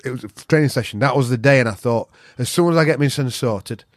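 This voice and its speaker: A man's voice: medium pitch, quick pace, dry recording, clean studio sound. A middle-aged man with a Yorkshire accent, a podcast guest telling stories in a blunt, sweary way. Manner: blunt, sweary, northern dialect grammar. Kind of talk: casual storytelling.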